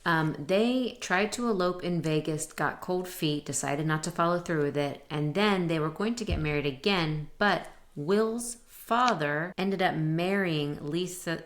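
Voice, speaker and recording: A woman's voice: on the low side, unhurried, few pauses. A woman co-hosting a podcast in casual chat, making dry, wry asides. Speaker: podcast co-host.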